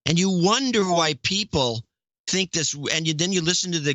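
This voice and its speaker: Opinionated man with a bright, dry voice. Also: a little high, fairly quick, no echo, lo-fi sound. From lives in the Oakland area. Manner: opinionated, rambling, emphatic. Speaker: podcast co-host. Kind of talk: casual podcast banter.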